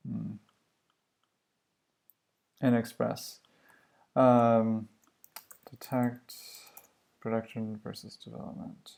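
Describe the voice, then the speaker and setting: A man live coding on a stream, thinking aloud in a musing, halting way and questioning himself as he works. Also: fairly low pitch, level tone, creaky, a little mellow. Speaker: livestream coder.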